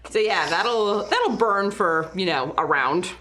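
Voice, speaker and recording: A woman running a tabletop game as game master, relaxed and unhurried, with many fillers. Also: medium pitch.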